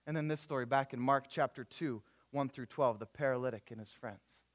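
A man's voice: mid-range voice, a little fast, few pauses. A young man preaching a sermon, telling stories casually and acting out the people in them. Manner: animated storytelling with voiced characters, casual slang. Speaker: youth preacher.

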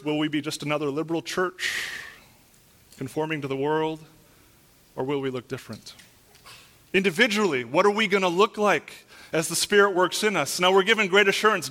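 A man preaching a sermon as pastor in a church, asking earnest rhetorical questions and building to loud, emphatic peaks over scripture. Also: fairly high pitch.

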